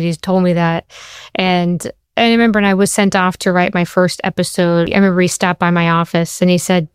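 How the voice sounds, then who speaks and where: A woman in her forties, a television writer being interviewed, telling animated anecdotes in casual conversation. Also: lowish voice, normal speed, clear, resonant tone, no room sound, studio quality. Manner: animated, acts out quoted voices in her anecdotes. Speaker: TV writer and showrunner guest.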